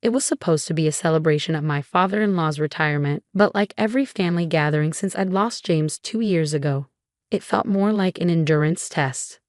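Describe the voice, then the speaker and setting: Low-voiced woman narrating a story. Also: fairly quick, no echo, studio quality. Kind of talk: scripted first-person story narration.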